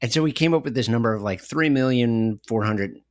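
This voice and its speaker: A middle-aged man co-hosting a podcast, telling stories in an animated way and laughing often. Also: mid-range voice, a little fast, dry recording, studio quality. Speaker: podcast co-host. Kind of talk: conversational podcast discussion.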